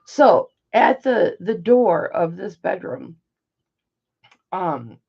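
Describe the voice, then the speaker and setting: A woman's voice: lowish voice, very animated, extremely slow, vocal fry, husky. An older woman telling a rambling personal story in a chatty, casual way, full of asides, on dull lo-fi audio. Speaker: live auction host.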